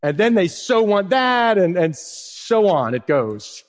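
A man in his thirties preaching a sermon as pastor, animated, swinging between lively stress and a hushed tone. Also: high voice, slow. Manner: animated preaching, rising and dropping to a hush. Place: church sanctuary. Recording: long reverb of a large hall.

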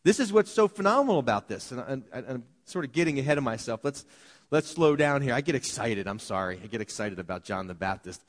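A man preaching a sermon as pastor, conversational and excitable, swinging between loud bursts and quiet asides. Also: mid-range voice, quick pace. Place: church sanctuary. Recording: long hall reverb.

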